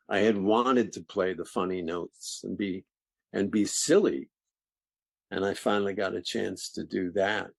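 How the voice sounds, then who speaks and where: An older man, an actor, telling stories from his career in an interview, animated and laughing often. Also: low-pitched, gravelly, no room sound. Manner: animated, laughing, restarts sentences. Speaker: actor guest. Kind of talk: interview storytelling.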